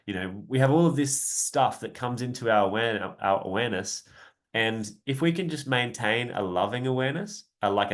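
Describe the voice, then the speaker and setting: A young man coaching viewers in a relaxed, rambling live talk, often tagging "right?" and laughing lightly now and then. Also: fairly low pitch. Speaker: self-help coach. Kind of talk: casual live-stream talk.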